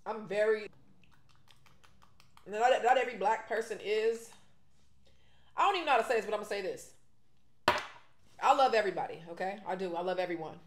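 A woman's voice: medium pitch, a little fast, long pauses, a little hiss or hum. Indignant woman, echoey room. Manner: animated, indignant, talking straight to viewers. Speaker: vlogger. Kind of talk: casual mukbang commentary.

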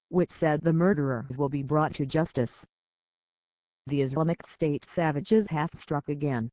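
A man reads a scripted news report in a steady, even manner. His voice sits a little high, and the sound is narrow and tinny like a phone line. There is no room echo at all. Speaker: news reader.

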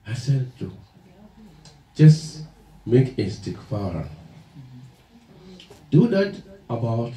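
A male sheikh giving a religious talk in a mosque hall, telling a story and acting out the dialogue. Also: medium pitch. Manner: animated storyteller, acts out dialogue. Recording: echoey hall, from far off.

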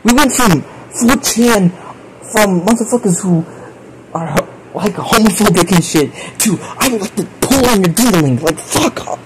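A young man with a high voice rants through chat confessions, swearing constantly and breaking into laughter. He sounds exasperated, and his mic picks up clear background noise. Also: lively intonation, moderate pace. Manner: profane, exasperated, bursts of laughter. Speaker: streamer reading chat confessions. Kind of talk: casual live stream commentary.

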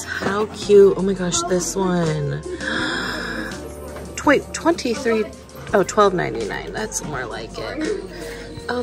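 A woman chatting casually in a shopping vlog, excited and gasping as she browses a store, with music playing behind her. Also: medium pitch. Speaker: thrift reseller vlogger.

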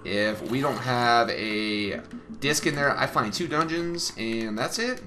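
A man's voice: medium pitch, slow pace, noisy background. A man giving casual let's-play commentary, frustrated and swearing, talking straight to his viewers. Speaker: gaming channel host.

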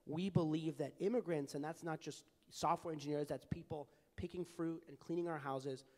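In a large hall at a public forum, a young California man who founded an advocacy group joins a panel discussion. His slightly high, warm voice has fairly even intonation and a moderate pace, and his earnest anecdotes are full of fillers and restarts, with long reverb.

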